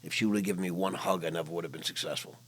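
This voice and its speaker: A man's voice: low-pitched, steady tone, rapid-fire, a bit bright, breathy edge. An older man hosting a casual interview, talking bluntly and candidly about his own past. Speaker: podcast host.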